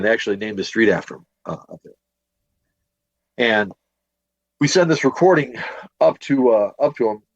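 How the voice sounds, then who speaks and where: A man's voice: fairly low pitch, gravelly, no room sound. Man, from Northwest Indiana, rambling storyteller, dry close sound, slightly dull lo-fi recording. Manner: rambling, with many fillers and restarts. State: a bit worn from a day of teaching. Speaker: paranormal investigator and teacher guest. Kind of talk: storytelling in a podcast interview.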